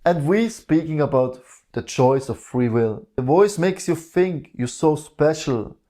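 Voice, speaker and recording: A man giving a reflective spiritual talk in a calm way, often posing rhetorical questions to the listener. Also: fairly high pitch, measured pace. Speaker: spiritual teacher.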